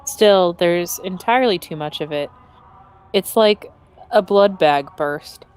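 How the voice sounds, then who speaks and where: A woman co-hosting a let's play, bantering and tossing in quick joking asides. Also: fairly low pitch, darkish tone, clean tone. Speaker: co-host, gaming partner. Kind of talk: casual game commentary.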